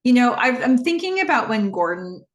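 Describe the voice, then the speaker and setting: A woman's voice: a little high, normal speed. Woman recapping a show, echoey room. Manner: retells scenes, quoting characters in lively bursts. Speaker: podcast host recapping a TV episode. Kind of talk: casual solo recap narration.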